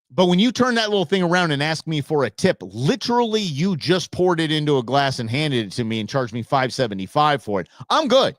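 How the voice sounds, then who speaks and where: A man hosting his own show, giving blunt, animated opinion commentary from Arizona. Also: fairly high pitch, no room sound, clean studio sound. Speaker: show host.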